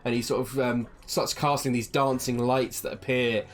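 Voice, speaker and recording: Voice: medium pitch, fairly even intonation, normal speed. A game master narrating a tabletop game in a rambling way, full of fillers and "like"s.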